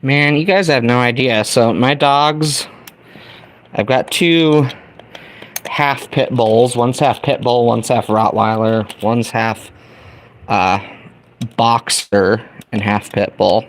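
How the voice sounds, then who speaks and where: Gravelly, folksy middle-aged man streaming. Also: medium pitch, steady tone, takes it slowly, a little hiss or hum. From United States. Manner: folksy and chatty, talking to viewers. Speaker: livestream host. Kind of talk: casual livestream chat while building a kit.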